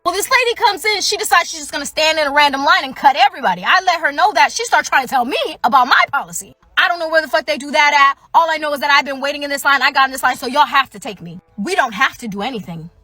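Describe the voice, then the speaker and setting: A woman's voice: high voice, bright, forceful tone, dry recording. A woman bluntly and sassily telling a story from her workplace to the camera. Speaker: store worker telling a story. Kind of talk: casual storytime video.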